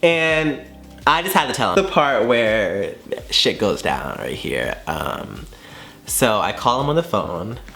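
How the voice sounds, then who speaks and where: Animated, profane young man telling a story. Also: on the low side, slow pace, vocal fry, faint music behind. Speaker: vlogger. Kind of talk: storytime vlog.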